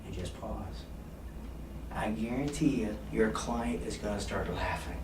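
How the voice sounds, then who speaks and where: A man teaching sales, talking in a roomy space and standing some way back from the mic, with faint ambience behind him. He keeps slipping into little acted-out phone calls with clients, animated and playful. His voice sits at an ordinary middle pitch. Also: unhurried, far from the mic, noisy background. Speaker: sales trainer. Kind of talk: sales training talk.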